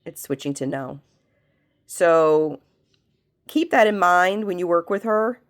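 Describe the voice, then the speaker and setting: A woman who has a cold, working as a medium, leads a spiritual pendulum reading and asks slow yes-no questions that she answers herself. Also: lowish voice, lively intonation. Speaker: medium and reiki practitioner.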